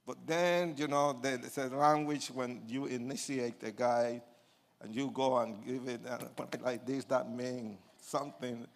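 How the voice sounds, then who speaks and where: An older man with a Puerto Rican Spanish accent, a native Spanish speaker, telling his testimony as a preacher, animated, acting out quotes and moving from soft asides to shouting. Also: mid-range voice, a little slow. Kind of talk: sermon testimony storytelling.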